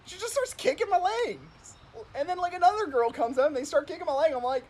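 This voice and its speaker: A man's voice: very high voice, expressive, quick pace. A man chatting on a stream, telling stories in a rambling way, with lots of "like" and laughing at himself. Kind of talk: casual storytelling chat.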